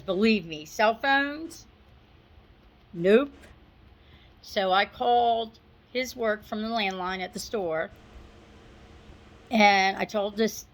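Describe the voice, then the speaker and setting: Slow-spoken, high-voiced middle-aged woman. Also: poor audio. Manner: unhurried and conversational, with asides and soft laughs. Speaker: storyteller. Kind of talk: personal recollection, told to an audience.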